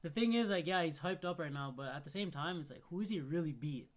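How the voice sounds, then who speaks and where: A man's voice: fairly high pitch, animated, fast talker. A young man co-hosting a casual chat, talking loosely with lots of "like" and "it's like". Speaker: podcast co-host.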